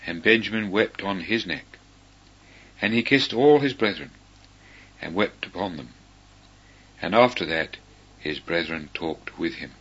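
A man reading scripture aloud in a slow, solemn, measured way, pausing between phrases. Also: low voice, fairly bright tone, slightly rough. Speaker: scripture reader. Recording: dull lo-fi recording.

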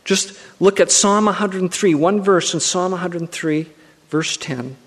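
A man's voice: high voice, a little slow, a bit bright. Earnest preacher man in an echoing hall. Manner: earnest, repeats key phrases for emphasis. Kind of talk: sermon. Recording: long hall reverb.

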